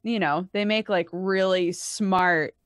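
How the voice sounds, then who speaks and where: A woman's voice: lowish voice, slow, clean tone, no room sound, clean studio sound. Enthusiastic woman chatting on a podcast. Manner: enthusiastic, casual, swears. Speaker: podcast co-host. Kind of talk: casual chat.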